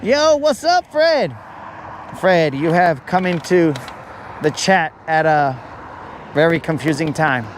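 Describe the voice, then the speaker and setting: Outdoors by a riprap shoreline near a road, a man hosts a fishing livestream, rambling and joking with his chat as if they were his bros. His voice is on the high side and expressive, slow with long pauses, over slight background noise.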